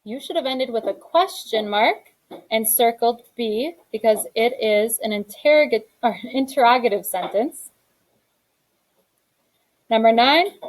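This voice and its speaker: A woman's voice: on the high side, a little slow, rough recording. A young adult woman teaching a grammar lesson in a classroom, reading each exercise aloud and then explaining the answer.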